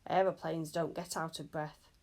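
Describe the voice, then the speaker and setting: A woman's voice: sits low, flat delivery, normal speed, darkish tone, natural voice. A woman reading a storybook aloud, voicing an eager young boy.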